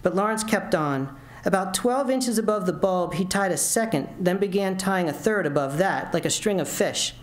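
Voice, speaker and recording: In a roomy university lecture hall, a man with a high, expressive voice reads his own fiction aloud. He narrates steadily at a moderate pace with few pauses, occasionally restarting a line.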